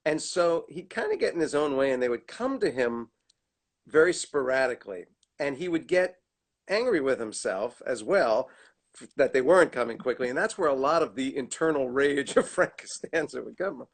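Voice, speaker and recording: A middle-aged man telling animated stories in a casual chat over a video call, laughing often. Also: mid-range voice, moderate pace. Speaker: guest actor. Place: at home.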